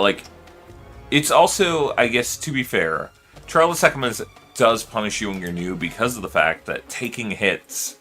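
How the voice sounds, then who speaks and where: A man's voice: sits low, pushed and bright. A man streaming and chatting casually, rambling with lots of fillers and loose swearing. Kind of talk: casual livestream chat.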